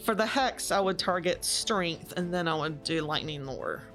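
Woman player, lowish voice, lively intonation, faint music. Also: moderate pace. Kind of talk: casual game chat.

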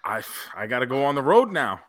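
Bright-voiced man telling a lively story. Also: mid-range voice, fairly quick, dry recording. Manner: animated storyteller, acts out quoted lines, laughs often. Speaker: podcast co-host. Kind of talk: casual storytelling chat.

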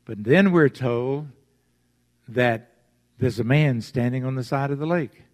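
A man's voice: medium pitch, a little slow. A man preaching a sermon as pastor, retelling the story and acting out its voices. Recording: long hall reverb.

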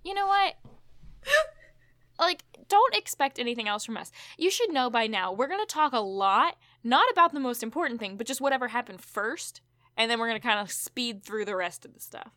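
A woman co-hosting a podcast recaps a TV episode in casual, chatty conversation full of asides and fillers. Her voice is a little high, animated, bright and forceful, at normal speed. The studio sound is clean with no room echo.

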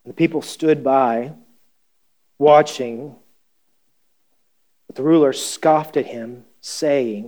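A pastor preaching a conversational sermon, reading scripture and asking the congregation questions with wry humor. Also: male voice, mid-range voice, takes it slowly, long pauses, mellow.

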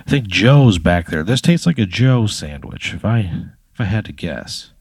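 A man's voice: lowish voice, lively intonation, normal speed, slightly rough, no echo. A man voicing a chatty, offhand male regular at a racetrack. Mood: relaxed.

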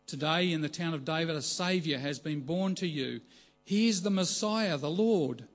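A man reading the words of a male angel messenger in a raised, excited, proclaiming voice. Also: a little high, moderate pace, faint music behind.

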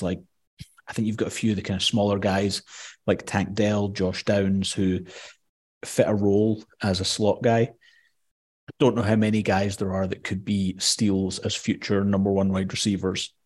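A Scottish man on a casual sports podcast, with a low voice and a husky edge. He talks in a chatty way and likes to tell stories. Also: flat delivery, normal speed. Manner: chatty, tells anecdotes. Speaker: podcast co-host.

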